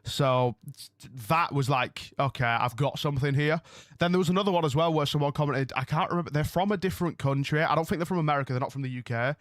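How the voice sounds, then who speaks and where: A man's voice: on the high side, quick pace, no echo, clean studio sound. A man hosting a live wrestling watch-along from home, chatting casually with his viewers and often losing his train of thought. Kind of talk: casual live-stream chat. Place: home room.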